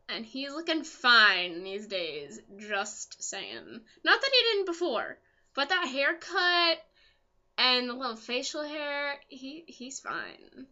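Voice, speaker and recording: A young woman vlogger chatting casually as an excitable fan, full of ums and asides. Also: on the high side, highs cut off. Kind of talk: casual chat.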